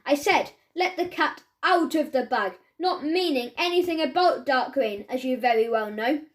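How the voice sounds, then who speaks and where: A blustering, pompous village policeman, middle-aged and suspicious, barking orders with bossy, clumsy grammar, as a woman reading a storybook puts him on. The voice sits fairly high. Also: expressive, normal speed. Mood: stern.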